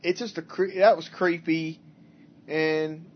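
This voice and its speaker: A fairly high-pitched man with fairly even intonation talks movies as a podcast co-host. He rambles, halts, and keeps restarting with plenty of fillers, all captured on a dull lo-fi setup.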